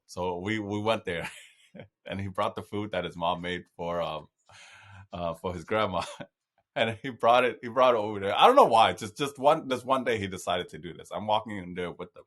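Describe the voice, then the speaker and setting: A young man, a podcast host, telling a comic story in casual chat, swearing freely and loudly acting out the people in it. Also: sits low, normal speed. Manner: animated, swearing, voices people in stories loudly.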